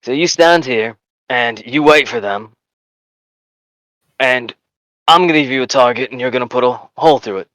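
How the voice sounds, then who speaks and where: A man voicing a gruff, blunt male army sergeant who talks with a boastful, bullying swagger. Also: medium pitch, moderate pace, pauses often, fairly bright tone, no echo, lightly acted, low-quality recording.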